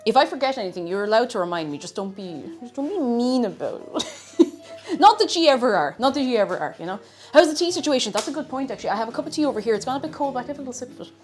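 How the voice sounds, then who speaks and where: An Irish woman live-streams while cooking, chatting casually in an animated, higher-pitched voice at a very fast clip. She is chatty and a bit scatterbrained, humming little tunes between thoughts, with soft music playing in the background.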